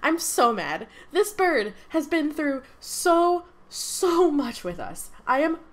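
A woman hosting a let's play, talking in an animated, emotional way and laughing often. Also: high-pitched, slow. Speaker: gaming channel host.

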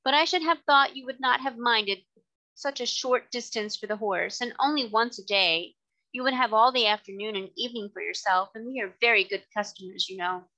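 Woman reading polite, well-off gentleman who coaxes; bright voice. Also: fairly high pitch, moderate pace, poor audio. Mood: coaxing.

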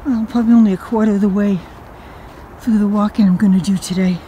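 An older woman talks her way along a wooded trail in a mellow, unhurried voice, chatty and poking fun at herself. She is a little out of breath from the climb. A faint hiss of outdoor noise sits behind her phone recording. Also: mid-range voice, steady tone. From New England, USA. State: out of breath from hiking. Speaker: vlogger. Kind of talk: casual walking vlog narration.

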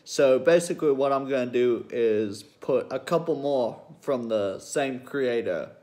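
A young man chatting straight to his viewers in a laid-back, unhurried way. He takes his time and pokes fun at himself. The tone is casual and loose. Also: mid-range voice, warm tone. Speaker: channel host. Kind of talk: casual vlog intro.

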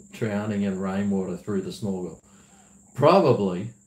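A man's voice: lowish voice, lively intonation, a little slow. A man who hosts a livestream, chatting casually, rambling and laughing as he reads viewer messages. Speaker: livestream host. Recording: roomy echo.

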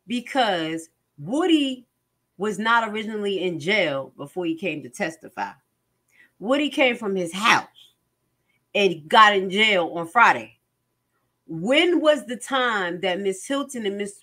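Animated woman giving commentary. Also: medium pitch. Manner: animated, emphatic, with rhetorical questions. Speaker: online commentator. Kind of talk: commentary on court transcripts.

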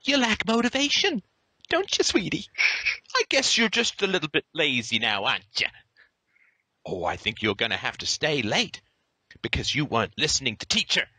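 A man's voice: on the high side, sing-song, normal speed, sharp tone, husky, dry recording, voice pushed up, heavily acted. A man voicing a condescending teacher who talks down to a child in sugary, mocking tones. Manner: mocking, syrupy sarcasm.

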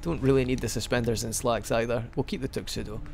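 A man's voice: medium pitch, fairly even intonation, fast talker, vocal fry, slight background noise. A man giving casual, rambling let's-play commentary as he plays, joking and often restarting his sentences. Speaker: gaming video host.

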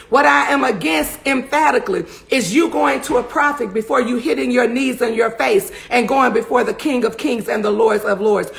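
Woman preaching online, high voice with lots of gravel, repeats herself and gets loud. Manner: emphatic, repetitive preaching with shouted peaks. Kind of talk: online sermon.

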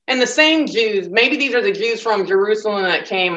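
A woman teaches a Bible study lecture conversationally, reading scripture aloud and acting out the voices of those quoted. Her medium-pitched voice has lively intonation, a fairly bright tone and a moderate pace, in lo-fi sound.

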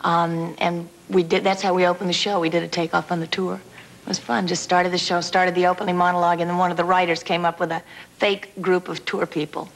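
A woman from Alabama, a guest on a talk show, answering in a shy, hesitant and gently witty way. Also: lowish voice, flat delivery, fairly quick, rough recording. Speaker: actress guest. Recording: old TV broadcast with faint hiss.

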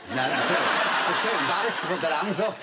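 A man hosting a dating show, teasing contestants with camp, quick quips and frequent laughs. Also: on the high side, lively intonation, over a noisy crowd. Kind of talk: cheeky studio banter. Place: TV studio with audience. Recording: loud background noise.

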